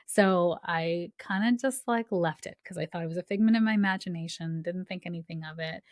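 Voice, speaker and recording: A woman's voice: lowish voice, a little fast, dry recording, clean studio sound. A woman hosting a podcast, telling a personal story in a chatty, filler-heavy way, often laughing and acting out the voices of people she quotes. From Canada. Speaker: podcast host.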